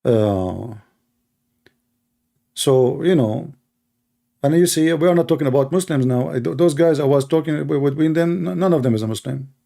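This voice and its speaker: A man's voice: fairly high pitch, normal speed, vocal fry, pauses often, warm tone. A man, talking in a casual, emphatic monologue and telling stories with lots of repetition. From Middle East. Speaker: online commentator.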